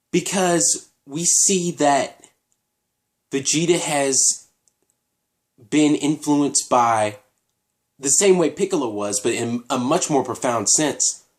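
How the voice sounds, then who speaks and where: A man reviewing an anime episode in a casual, halting way, often restarting his sentences. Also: medium pitch.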